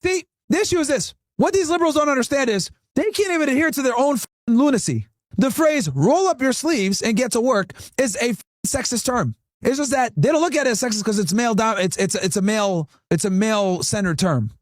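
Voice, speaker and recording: A man's voice: very high voice, animated, brisk, no echo, clean studio sound. Mocking, profane man ranting to chat. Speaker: streamer reacting to a video. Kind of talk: ranting reaction commentary.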